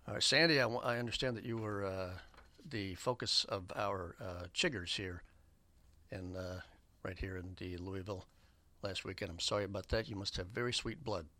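A man hosting a community radio show, giving rambling shout-outs and station announcements with lots of fillers in an upbeat way. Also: deep voice, fairly even intonation, normal speed, no room sound. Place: radio studio. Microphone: studio microphone.

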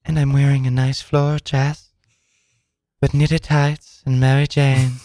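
A woman's voice: a bass voice, unhurried, dry recording. A woman singer and guitarist, a guest on a radio show, talking casually with jokes and ums on a close studio mic. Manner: relaxed, joking, trailing off with ums.

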